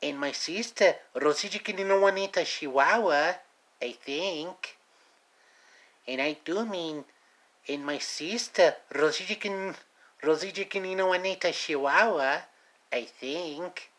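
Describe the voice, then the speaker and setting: A man voicing a meek male bull with a goofy, rushed, high put-on voice. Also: fairly bright tone. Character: male Spanish bull, meek, talking in a Mexican accent.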